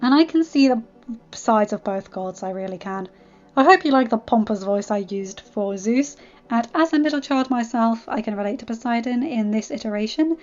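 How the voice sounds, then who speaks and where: A woman's voice: on the high side, a little mellow, lo-fi sound. Bubbly woman reading fan fiction aloud. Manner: bubbly and enthusiastic in asides. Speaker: fan fiction reader, channel host. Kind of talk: storybook narration, chatty outro.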